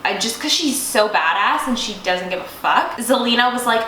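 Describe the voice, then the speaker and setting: A woman's voice: fairly high pitch, lively intonation, moderate pace, pushed and bright. A young woman co-hosting a casual TV review chat, gushing and giggly, swearing casually. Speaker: co-host. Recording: echoey room with faint hiss.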